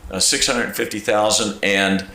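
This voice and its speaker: In a lowish voice at a moderate pace, a county clerk of court tells stories to a village council. He's conversational and emphatic, acting out phone calls and quotes and saying "okay?" again and again for emphasis, all captured in a very echoey council chamber.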